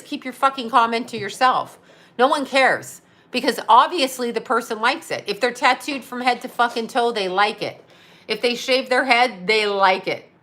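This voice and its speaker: This woman in her fifties is a psychic medium hosting a live stream, chatting casually through viewer comments with blunt, profane rants. She speaks on the high side, in a bright and forceful tone.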